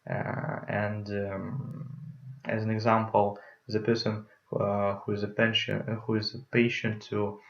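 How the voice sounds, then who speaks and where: A man's voice: fairly low pitch, completely flat delivery, measured pace, creaky, fairly bright tone. A young man with a Russian accent giving a hesitant conference talk on public speaking, with many fillers. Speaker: student presenter. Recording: roomy, muffled lo-fi sound.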